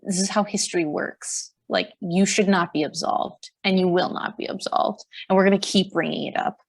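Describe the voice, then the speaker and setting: A woman's voice: on the low side, normal speed, gravelly, slightly rough. A young woman co-hosting a podcast in casual chat, blunt, indignant and sarcastic. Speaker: podcast co-host.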